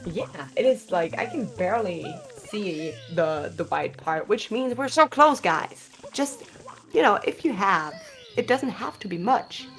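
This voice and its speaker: A woman with a slight lisp commentating a live speedrun stream from a booth, chatty and quick to laugh. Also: mid-range voice, animated, a bit bright, faint music behind. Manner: chatty, laughs often, restarts phrases.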